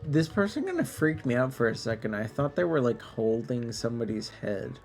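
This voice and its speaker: A man's voice: mid-range voice, big pitch swings, moderate pace, vocal fry, darkish tone, faint music behind. A man streaming a game late at night, sleepy and tipsy, casually translating French text in a drawling, self-deprecating way that stumbles over words.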